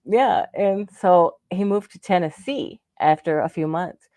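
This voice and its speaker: At a measured pace and in a lowish, dark voice with no room sound, a woman who lives in Florida tells a long personal story on a radio show. The conversation is casual, and she laughs often while acting out the voices of the people in her story.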